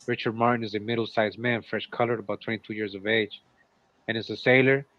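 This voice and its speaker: A man's voice: on the low side, steady tone, a little fast, a bit bright, dry recording. Man, reading aloud, breaking in with comments, dry close sound, dull lo-fi audio. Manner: reads old runaway ads, breaks off with asides. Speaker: show co-host.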